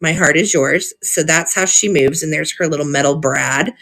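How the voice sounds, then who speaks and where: A woman's voice: low-pitched, moderate pace, creaky, fairly bright tone. A woman hosting a live vintage sale, chatting casually and gushing over old cards as she reads them aloud. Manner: chatty and gushing, often giggling.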